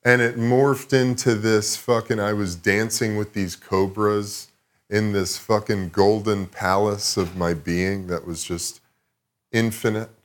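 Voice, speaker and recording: Low-voiced man telling a rambling story. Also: steady tone, slow pace. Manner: profane, rambling, reflective. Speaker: podcast guest. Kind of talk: casual storytelling chat.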